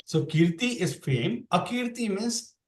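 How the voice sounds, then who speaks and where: A man's voice: high voice, lively intonation, a little slow, darkish tone, roomy sound, rough recording. A man teaching a scripture class online, explaining verses and asking his students questions. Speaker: Bhakti yoga teacher.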